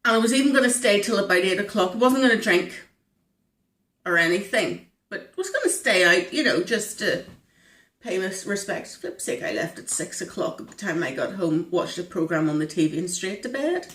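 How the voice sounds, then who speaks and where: A woman, vlogging casually, slightly hoarse and stuffy-nosed, rambling with lots of fillers. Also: medium pitch, lively intonation, a little fast, a bit bright, reverberant, far from the mic. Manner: chatty, rambling, frequent fillers. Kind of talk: casual diet vlog.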